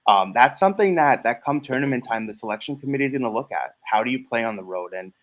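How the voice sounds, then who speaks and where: A man's voice: medium pitch, lively intonation, fast talker, low-quality recording. A man co-hosting a postgame sports show, giving earnest analysis of the team. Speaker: co-host.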